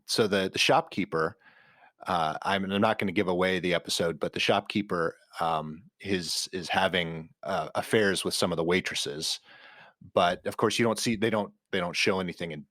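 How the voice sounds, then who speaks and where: A man's voice: low-pitched, moderate pace, fairly bright tone, no room sound, studio quality. A man co-hosting a podcast in casual chat, rambling with many fillers as he keenly recommends things. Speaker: podcast co-host.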